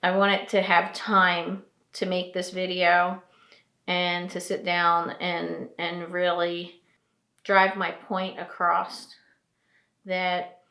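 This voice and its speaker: A woman from New Jersey giving a heartfelt vlog monologue, slow and earnest, repeating phrases for emphasis, tearful and emotional. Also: fairly low pitch, fairly bright tone, reverberant. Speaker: trucking vlogger.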